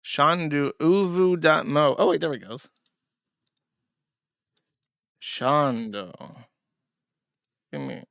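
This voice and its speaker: A man's voice: fairly high pitch, animated, takes it slowly, vocal fry, fairly bright tone, dry recording, studio quality. A man giving sarcastic, mocking livestream commentary as host. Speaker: commentary streamer.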